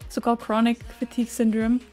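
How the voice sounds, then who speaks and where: A slightly high, mellow female voice comes through fast and completely flat, with soft music in the background. She's a Twitch streamer having a casual live chat with viewers, open and emotional, swearing, laughing, and reading their messages out.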